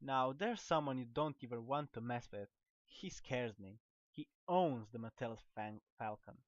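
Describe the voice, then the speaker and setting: A man's voice: mid-range voice, expressive, measured pace, no echo, close to an everyday voice. A man with a Croatian accent voicing a gossipy, chatty female weapon shopkeeper in a game, reading her lines with stumbles and restarts. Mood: wary. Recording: dull lo-fi recording.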